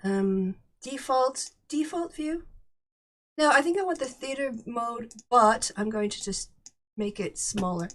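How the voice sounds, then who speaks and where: A woman hosting a casual political livestream, chatty and halting. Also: mid-range voice. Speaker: political commentary host.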